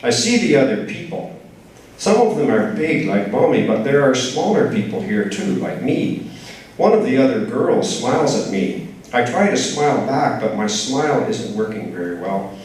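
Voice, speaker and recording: A man reading his own short story aloud at a writers' group, in a measured, plain storytelling manner. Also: medium pitch, sing-song, darkish tone. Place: writers' group reading, large echoey room. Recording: very echoey room, from far off, faint noise.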